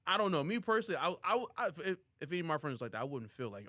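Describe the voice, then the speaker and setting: A man's voice: fairly high pitch, very animated, very fast, hardly any pauses, pushed and bright, no echo. A man co-hosting a podcast, chatting casually and rambling with frequent restarts. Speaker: podcast co-host. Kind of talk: casual chat.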